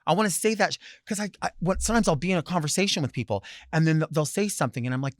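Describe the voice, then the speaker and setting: A man hosting a talk show, delivering a sassy, theatrical solo monologue with loud bursts and low asides. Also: racing, few pauses, dry recording, clean studio sound. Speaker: host.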